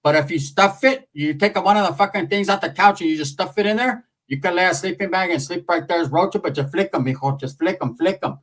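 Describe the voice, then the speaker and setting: A doting middle-aged aunt who fusses and coaxes, put on by a man telling a story. Her voice sits a little higher than his usual talk and carries a warm, motherly fussiness. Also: a little fast, hardly any pauses. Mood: coaxing.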